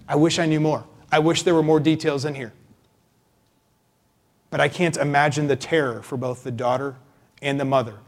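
A male pastor preaching a sermon in an emphatic, expressive way. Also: on the high side. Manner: emphatic, expressive, acts out voices.

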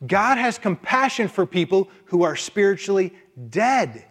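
Pastor, sermon delivery, high-pitched man, emphatic, punches his points with rhetorical questions. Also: animated, unhurried, fairly bright tone, slightly rough.

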